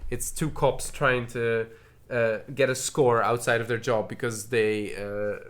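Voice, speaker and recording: A man talks casually on a home stream, full of eager praise. He repeats himself and restarts his sentences. His pitch sits in an ordinary middle range. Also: flat delivery, measured pace, a bit bright. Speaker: streamer showing his movie collection.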